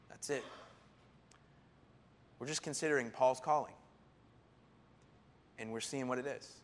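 A man preaching a sermon in an animated, emphatic way, often acting out quotes. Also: medium pitch, a little slow, long pauses. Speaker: pastor.

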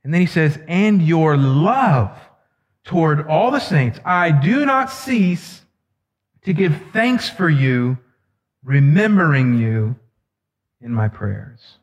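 A man preaching a sermon as pastor, earnest and slowing down to stress key words. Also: a little high, lively intonation. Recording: echoey hall, dull lo-fi sound.

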